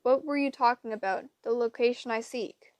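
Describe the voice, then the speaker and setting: A woman's voice: on the high side, moderate pace, no room sound, lo-fi sound, lightly acted. Exasperated sarcastic teenage boy, read by a woman. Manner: dry, exasperated.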